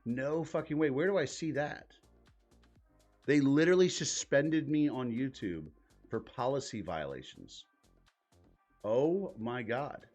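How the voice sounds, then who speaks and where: A man's voice: medium pitch, lively intonation, measured pace, long pauses, darkish tone, faint music behind. A man hosting a live reaction stream, talking casually in a blunt, profane and incredulous way.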